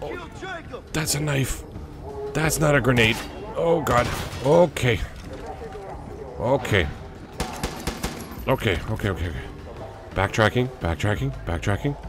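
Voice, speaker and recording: A man's voice: medium pitch, measured pace, long pauses, music in the background. A man with a cold giving frantic, jokey commentary while playing a video game. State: has a cold. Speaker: let's play gamer. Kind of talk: gaming commentary.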